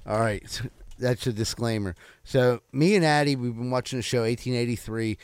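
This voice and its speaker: A man's voice: medium pitch, normal speed, smooth, no room sound. A man co-hosting a podcast, telling a story in casual banter, his voice jumping up when indignant. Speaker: podcast co-host.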